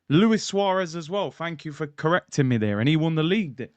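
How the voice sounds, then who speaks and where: A man's voice: a little high, fairly quick, few pauses, no room sound. A man hosting a casual football livestream, hyped, slangy and jokey. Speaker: football channel host. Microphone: streaming mic.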